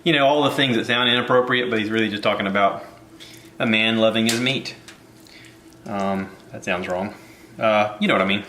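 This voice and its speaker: A man's voice: on the low side, normal speed, sharp tone, reverberant, slight background noise. A man hosting a casual cooking video from his home kitchen, rambling and joking at his own expense. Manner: rambling, jokey, self-deprecating.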